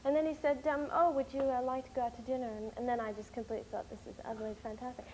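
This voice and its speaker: Young woman, lively rambling chat, bit high-pitched, faint hiss behind. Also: very fast, rough recording. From United States. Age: young adult. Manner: animated, rambling storyteller with many fillers. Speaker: interviewee, documentary film-maker. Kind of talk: casual chat.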